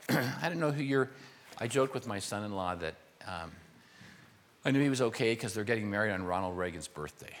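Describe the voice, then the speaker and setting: A man's voice: fairly low pitch, a bit bright, in a large hall. An older man preaching a conversational, verse-by-verse sermon, explaining word meanings with informal asides to his congregation. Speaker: pastor.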